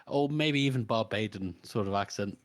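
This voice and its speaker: A man's voice: lowish voice, moderate pace, dry recording. Dry-voiced man explaining with restarts. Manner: stammers, restarts, self-correcting. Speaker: podcast co-host. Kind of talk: casual book discussion.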